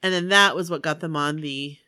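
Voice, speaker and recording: A woman chatting casually with a friend, agreeable and full of "like" fillers and quick yeps. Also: low voice, sharp tone, no room sound, studio quality. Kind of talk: casual chat.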